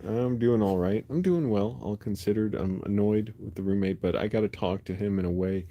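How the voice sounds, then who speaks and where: A man's voice: on the low side, normal speed, hardly any pauses, dark tone. A man chatting casually on a phone live stream from his bedroom at night, rambling with lots of fillers and restarts. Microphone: phone held close.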